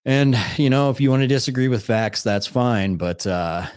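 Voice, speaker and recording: Reacting to videos on his live stream, this man addresses chat bluntly and sarcastically, cursing offhandedly. He has a medium-pitched voice that's clear, resonant, and a little mellow, at a normal pace.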